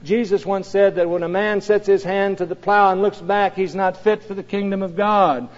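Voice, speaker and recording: A man preaching a sermon, swelling to emphatic peaks on scripture and dropping low and soft for asides. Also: steady tone, normal speed. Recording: dull lo-fi recording in a reverberant hall.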